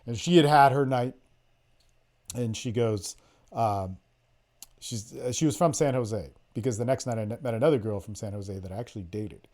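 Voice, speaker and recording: A man hosting a podcast, telling stories in a casual, profane, animated way and quoting other people in quick bits as he goes. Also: medium pitch. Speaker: podcast host, dating coach. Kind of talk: casual storytelling on a group call.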